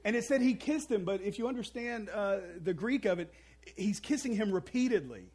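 A man's voice: high voice, animated, brisk, darkish tone, breathy edge. A man preaching a sermon, telling a story with playful asides and acting out the characters' voices. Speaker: pastor.

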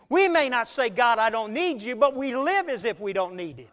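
A man preaching a sermon as pastor, emphatic, swinging between loud and quiet, speeding up and slowing down. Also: very high voice, lively intonation, long reverb tail. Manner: emphatic preaching with big swings in loudness and pace.

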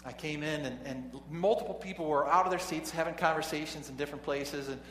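A man's voice: fairly high pitch, a little fast, a bit bright. A man preaching a sermon, reading scripture and then telling a classroom story in a conversational way, with chuckling asides and frequent restarts. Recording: echoey hall with faint hum.

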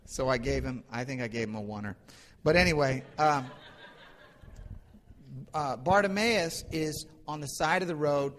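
A man's voice: on the high side, moderate pace, long pauses, fairly bright tone. A man preaching a sermon in a conversational, storytelling way, with frequent restarts. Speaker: pastor. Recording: long hall reverb.

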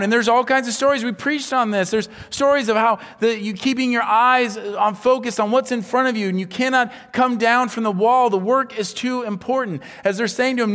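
A pastor preaching a sermon, his delivery swinging from hushed near-whispers to loud, emphatic exclamations. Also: very high voice, a little fast, few pauses, big-room sound.

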